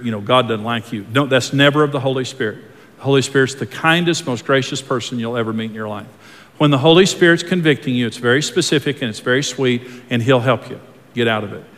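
A man's voice: medium pitch, fairly bright tone. A man pastor preaching a sermon in an earnest, folksy way, often repeating himself and restarting his words. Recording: long hall reverb.

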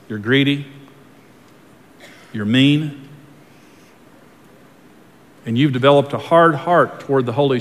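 A man pastor preaching a sermon in an earnest, folksy way, often repeating himself and restarting his words. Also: mid-range voice. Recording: long hall reverb.

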